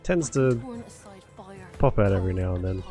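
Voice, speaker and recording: Stuffy-nosed gravelly male streamer. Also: sits low, expressive, moderate pace, warm tone. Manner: chatty, self-deprecating, laughs often. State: stuffy nose. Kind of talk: casual live gameplay commentary. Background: game music.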